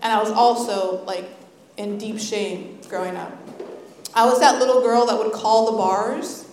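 A woman's voice: mid-range voice, steady tone, unhurried, darkish tone, a little hiss or hum. An American woman from Napa, California, speaking to an audience at a recovery meeting, nervous, candid and heartfelt, into a stand microphone. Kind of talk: personal testimony to an audience. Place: meeting hall, indoors. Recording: echoey hall reverb.

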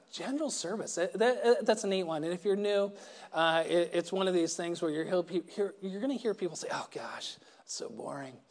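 A middle-aged man giving a personal recovery talk, wry and self-deprecating, often stammering and restarting his sentences. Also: sits high. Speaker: recovery meeting speaker.

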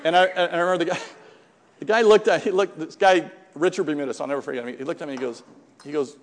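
Speaking quickly in a higher-than-average voice, a middle-aged man shares his recovery story with a live group. It's rambling and self-deprecating, full of restarts and quoted lines, and a long hall reverb trails it.

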